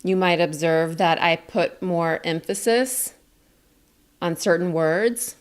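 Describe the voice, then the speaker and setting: Lower-voiced woman coach, calm and clear, walking you through a lesson. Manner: calm, explains slowly and clearly, demonstrates statements. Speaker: communication coach. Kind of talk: teaching a video lesson.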